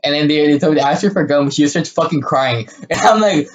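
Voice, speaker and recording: A man's voice: on the high side, quick pace, hardly any pauses. A young man co-hosting a podcast, telling crude stories in a rambling way, with lots of fillers and frequent laughter. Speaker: podcast co-host. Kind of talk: casual chat.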